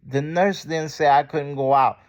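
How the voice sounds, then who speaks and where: A man vents in an angry, profanity-laced vlog rant, heated and indignant throughout. His voice sits a little higher than most men's. The recording sounds dull and muffled. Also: fairly even intonation, normal speed. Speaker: vlogger. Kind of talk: angry casual rant to camera.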